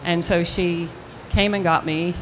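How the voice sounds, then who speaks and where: An older actress telling an animated story in a live stage interview, acting out the voices of the people she quotes. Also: lowish voice, a little slow, noisy background. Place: convention stage with audience hall ambience.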